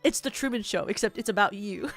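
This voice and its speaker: Soft music plays behind a woman VTuber whose mid-range voice moves fairly quickly with vocal fry. In casual stream chat she rambles through hypotheticals, giggling and saying "like" heavily.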